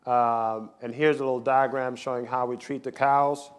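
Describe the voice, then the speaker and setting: A male doctor delivering a symposium lecture. His voice sits at an ordinary middle pitch. He hammers his points home with repetition and rhetorical questions. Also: flat delivery, moderate pace. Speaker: physician giving a lecture. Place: lecture hall with slides.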